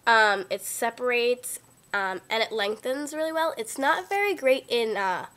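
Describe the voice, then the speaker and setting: Sick young woman gushing about makeup, kinda high voice, lots of like and oh my god, webcam mic at home. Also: expressive, a little slow, a bit bright. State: sick, voice lower than usual. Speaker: beauty vlogger. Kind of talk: casual chat. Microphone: built-in computer webcam mic.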